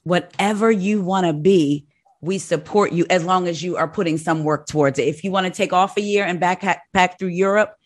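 A woman's voice: lowish voice, moderate pace. A middle-aged woman hosting an interview, asking questions and sharing her own story as a parent. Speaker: host. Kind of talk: interview conversation.

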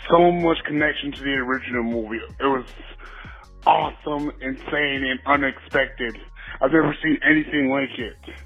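Excitable man calling in by phone. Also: mid-range voice, husky. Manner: excitable, breathless fan. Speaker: caller leaving a voice message. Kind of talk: casual voicemail review. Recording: tinny phone line, faint music.

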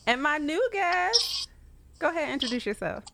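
A woman hosting a casual podcast chat, keeping her voice softened and sultry on purpose. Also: high-pitched, lively intonation, moderate pace, creaky. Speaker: podcast host. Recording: heavy background noise and interference.

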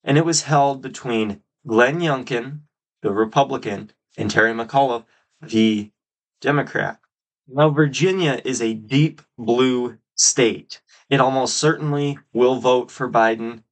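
A man hosting his own podcast, giving solo political commentary with emphatic, drawn-out stresses on key words. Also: mid-range voice. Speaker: podcast host.

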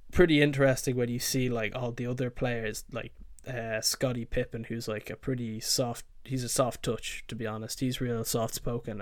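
A man's voice: medium pitch, no room sound, studio quality. A man hosting his own podcast, rambling casually with lots of fillers and swearing. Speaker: podcast host. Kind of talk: casual solo podcast chat.

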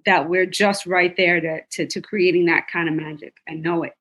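A woman's voice: on the low side, fairly even intonation, normal speed, fairly bright tone, breathy edge. A woman hosting a casual interview, affirming her guests and speaking with hesitant restarts. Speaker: host.

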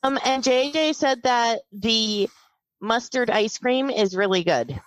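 A woman's voice: on the high side, lively intonation, slow. A woman chatting casually, giggling as she talks. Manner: giggly, laid-back. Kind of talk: casual chat.

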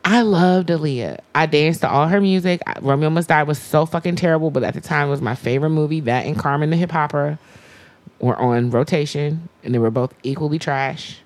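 Co-hosting a podcast, a woman in her thirties chats in an easy, casual way, swearing freely. She speaks briskly in a very low voice, animated and emphatic.

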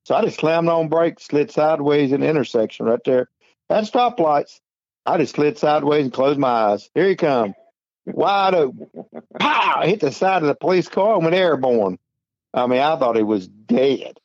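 This older Southern man talks in an animated, laughing storytelling way. His voice sits a little high. The sound is dry and a touch dull. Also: normal speed, dry recording. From North Carolina, US. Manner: animated, laughing, jumps high for quoted lines. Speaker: former police officer, co-host. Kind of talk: casual storytelling chat.

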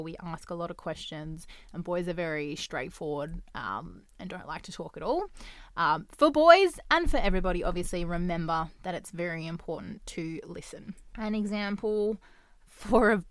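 A young adult woman hosting a casual solo podcast, talking in a chatty, animated way, acting out quoted dialogue and laughing often. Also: on the low side, no room sound, clean studio sound. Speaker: podcast host.

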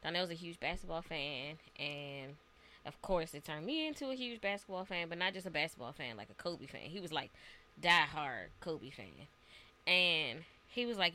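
A woman's voice: low-pitched, animated, moderate pace, bright, forceful tone, a little hiss or hum. A woman who is a parent, earnestly telling a personal story in a casual podcast chat and acting out the dialogue. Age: adult parent.

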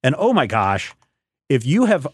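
A man hosting a podcast in relaxed, rambling chat, pausing often and filling gaps as he goes. His voice sits at a middle pitch, and the sound is dry and close with no room around it. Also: breathy edge, dry recording. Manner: rambling, halting, lots of fillers. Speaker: podcast host. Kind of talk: casual chat.

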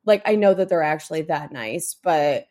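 A woman's voice: low-pitched, lively intonation, moderate pace, mellow. A woman, co-hosting a casual TV recap podcast, chatty and swearing freely, with lots of "like" and "um". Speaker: podcast co-host.

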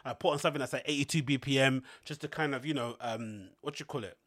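A man's voice: medium pitch, fast talker, fairly bright tone, dry recording, studio quality. A man hosting a podcast, rambling in casual slangy chat and laughing often. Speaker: podcast host.

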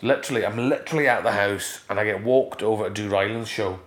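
A middle-aged Scottish man, a guest in a casual interview, telling stories with lively jumps in pitch. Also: fast talker, reverberant. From Scotland. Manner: animated storyteller, leaps up in pitch for emphasis.

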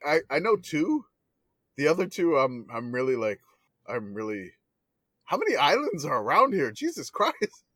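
Co-host, male, lively swooping delivery, rambling and laughing, dry mic. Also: fairly high pitch, normal speed, no echo. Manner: animated, laughing, rambling with restarts. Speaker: podcast co-host. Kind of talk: casual comedy podcast chat.

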